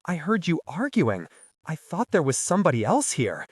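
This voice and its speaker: A man voicing a frightened wife, hushed and soothing. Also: a little high, wildly swooping pitch, moderate pace, slightly rough, dry recording, studio quality, pitched above the performer's own voice, exaggerated voice. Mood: shaken. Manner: hushed, whispering.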